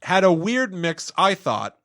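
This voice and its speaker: A man co-hosting a book podcast, talking haltingly with frequent laughs and restarts. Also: sits high, sing-song, fairly bright tone. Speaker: podcast co-host. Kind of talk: casual book-club chat.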